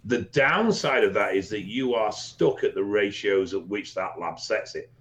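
A man co-hosting a podcast, explaining things in a relaxed, casual way and swearing now and then. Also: fairly low pitch, moderate pace, lo-fi sound. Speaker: podcast co-host and expert.

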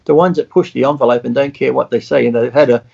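A man's voice: mid-range voice, steady tone, fast, vocal fry, darkish tone, husky. A man in casual chat, blunt and profane, telling stories with animation. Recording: dull lo-fi sound.

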